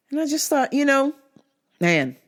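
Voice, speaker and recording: A young adult woman hosting a vlog, telling a story in a blunt, profane, animated way. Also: high voice, slow pace. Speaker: vlog host. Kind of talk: casual storytelling monologue.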